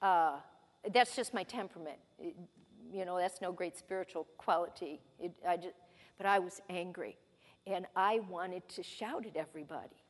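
A woman's voice: on the low side, moderate pace. A woman giving a folksy, conversational Bible teaching in a church hall, mixing scripture readings with personal stories. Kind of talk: sermon-style Bible teaching.

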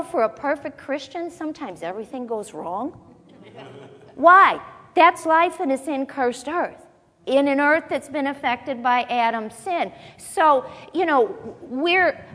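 A woman's voice: high-pitched, fairly bright tone, in a large hall. A woman giving a chatty Bible teaching, asking her listeners rhetorical questions as she goes.

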